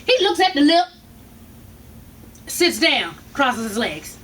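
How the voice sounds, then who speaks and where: A woman vlogger telling a story casually, animated and profane, laughing often as she goes. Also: very high voice, normal speed, pauses often, a little hiss or hum.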